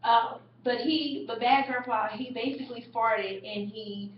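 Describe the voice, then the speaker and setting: Animated young mother, distant echoey webcam. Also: fairly high pitch, measured pace, lo-fi sound, slight background noise. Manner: animated storyteller, laughs often. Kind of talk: casual webcam chat. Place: indoor room.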